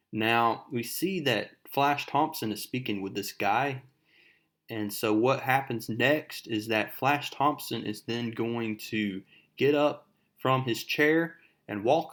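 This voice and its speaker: A man's voice: medium pitch, fairly bright tone. A young man hosting a comic book video, recapping the story in a chatty, loose way.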